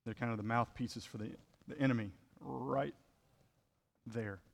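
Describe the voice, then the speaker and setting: A man's voice: mid-range voice, steady tone, unhurried, vocal fry, in a large hall. A man preaching a conversational sermon as pastor, full of rhetorical questions.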